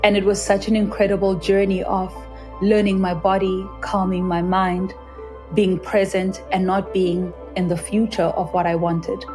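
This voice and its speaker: Faint music plays behind a South African woman, a freediver guest, who speaks at normal speed in a level, darkish tone. Earnest and vivid, she tells her story in an interview, now and then voicing others in a higher pitch.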